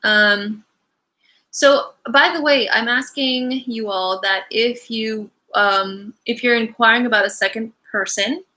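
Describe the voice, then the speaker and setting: Bright-voiced young woman rambling on a stream. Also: fairly high pitch, slow pace, low-quality recording. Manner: rambling, many fillers, apologetic asides. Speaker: angel card reader hosting a live Q&A. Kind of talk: casual livestream chat. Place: her home, animals around.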